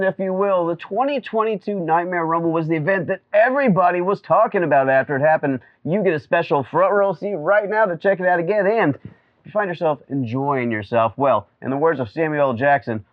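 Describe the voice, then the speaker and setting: A man's voice: fairly high pitch, dry recording, lo-fi sound. A man hosting a wrestling show from the studio, upbeat and full of joking banter. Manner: jokey, upbeat. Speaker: show host. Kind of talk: comedic studio host banter.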